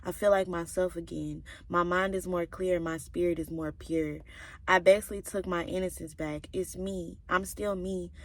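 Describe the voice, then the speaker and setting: A woman's voice: fairly low pitch, steady tone, normal speed. A young woman, chatting in a casual, confiding way as she reads through her old journals. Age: 20s. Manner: emotional, confiding, many "like"s. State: tearful at times. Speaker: vlogger. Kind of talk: casual personal vlog, reading old journals.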